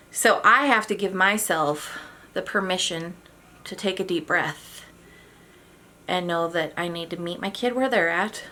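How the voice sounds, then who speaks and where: A woman's voice: on the low side, pushed and bright. A young adult woman hosting a live parenting talk, speaking casually and candidly, owning up to her own slips. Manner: candid, self-deprecating, demonstrates tones. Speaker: parenting educator host.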